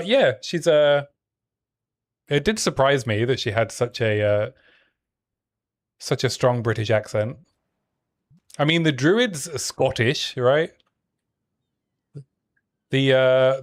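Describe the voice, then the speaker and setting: Chatty man streaming a game. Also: mid-range voice. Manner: joking, chatty, trailing off with fillers. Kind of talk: casual gameplay chat.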